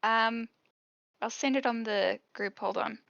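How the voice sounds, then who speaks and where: A woman's voice: a little high, unhurried, creaky, fairly bright tone, muffled recording. A woman playing in a tabletop game, chatting casually and a little distracted. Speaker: player.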